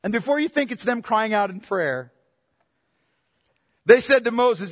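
A man preaching a sermon and reading scripture aloud, emphatic and at times shouting, slowing down to stress words. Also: sits high, expressive, no room sound, in a large hall.

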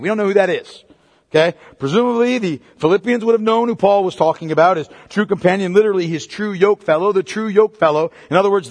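A male pastor preaching a sermon emphatically, often asking the congregation rhetorical questions. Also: high-pitched. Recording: long reverb of a large hall.

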